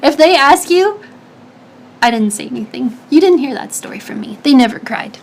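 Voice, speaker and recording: Young female streamer, high-pitched, chatty and giggly, rambles through viewer questions with frequent restarts. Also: expressive, normal speed, gravelly. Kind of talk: casual stream chat reading viewer questions.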